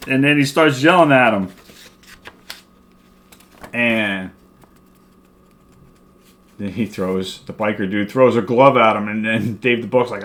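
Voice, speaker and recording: A man's voice: medium pitch, slow, long pauses, fairly bright tone. An older man co-hosting a casual comic book chat, retelling a story in a rambling, chuckling way. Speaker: co-host.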